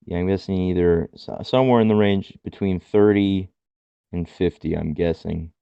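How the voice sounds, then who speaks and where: A man's voice: low-pitched, normal speed, creaky, dark tone, clear, resonant tone, no room sound, highs cut off. A young man co-hosting a podcast, giggling often and acting out quotes in silly voices. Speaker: podcast co-host. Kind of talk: casual chat.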